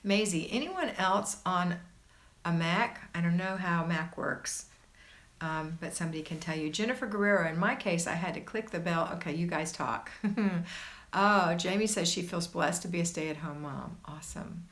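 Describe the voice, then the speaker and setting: A woman's voice: lowish voice, moderate pace, fairly bright tone. A woman hosting a casual livestream, reading viewer comments aloud and reassuring her viewers in a chatty way. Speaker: homemaking livestream host.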